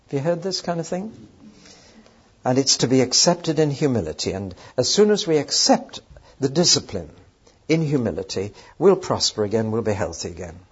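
A man's voice: medium pitch, big pitch swings, normal speed, slightly rough. A man teaching on a Bible passage in a conversational way, often putting questions to his listeners. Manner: conversational, asks the audience questions. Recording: dull lo-fi recording.

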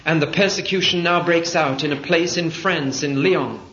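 A man's voice: on the high side, normal speed, a bit bright. A man preaching a sermon, telling stories dramatically, rising and dropping his voice for emphasis. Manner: dramatic, rises and drops for emphasis. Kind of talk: sermon storytelling. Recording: dull lo-fi old tape with faint hiss.

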